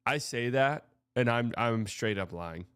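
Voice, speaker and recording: A man's voice: medium pitch, animated, unhurried, a bit bright, smooth, no room sound. Profane, rambling male sports streamer. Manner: frank, profane, rambling with restarts. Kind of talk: casual live-stream commentary.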